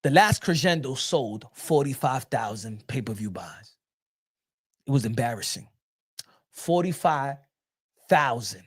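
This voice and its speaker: A man's voice: medium pitch, animated, unhurried, long pauses, slightly rough. A man hosting a boxing show, ranting casually and profanely, with lots of repetition. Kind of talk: casual commentary rant.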